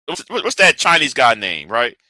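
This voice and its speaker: A man's voice: mid-range voice, big pitch swings, normal speed, bright, forceful tone, no echo. A man hosting a live stream, ranting and arguing, often stumbling and repeating his words as he restarts sentences.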